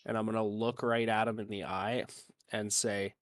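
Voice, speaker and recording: A man's voice: fairly low pitch, little pitch movement, moderate pace, dry recording. A man playing a tabletop game, explaining his character's moves in a rambling way and swearing casually. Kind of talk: casual gaming chat.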